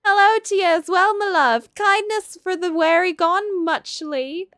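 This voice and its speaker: A woman's voice: very high voice, unhurried, fairly bright tone, no room sound, faint music behind, pitched above the performer's own voice. A woman voicing a quaint young magical girl in a put-on mock Scottish accent, with archaic, flowery and muddled phrasing. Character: quaint young female magical girl with garbled old-fashioned talk.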